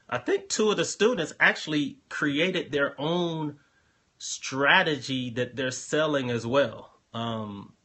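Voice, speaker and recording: A man with a bright, forceful voice and a husky grain explains things to his viewers in a live phone stream. He talks loosely and directly to them and often circles back and repeats words as he goes. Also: mid-range voice. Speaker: host answering trading questions.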